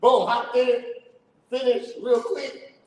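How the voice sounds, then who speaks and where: A man's voice: very high voice, steady tone, takes it slowly, darkish tone. A man casually telling a crude story, laughing and rambling as he goes. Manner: laughing, rambling, repeats himself. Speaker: podcast host. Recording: echoey room, mic far off.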